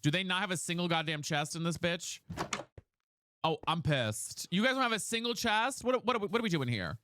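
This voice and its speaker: A game streamer chatting live with viewers while playing, profane and excitable, swinging between low grumbles and loud squeals. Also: normal speed, noisy background.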